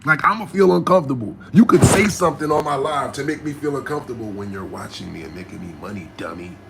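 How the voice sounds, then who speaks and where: Guy ranting on his livestream, middle-aged, loud and blunt, cusses a lot. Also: mid-range voice, lively intonation, fast, creaky, background noise. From New Jersey. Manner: passionate and aggressive, blunt and profane. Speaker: livestream host talking to viewers. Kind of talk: unscripted livestream rant.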